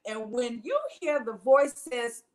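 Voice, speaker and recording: High-voiced woman hosting with gusto. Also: takes it slowly, a little mellow. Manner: enthusiastic, hypes guests with cheers. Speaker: host. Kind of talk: lively show hosting.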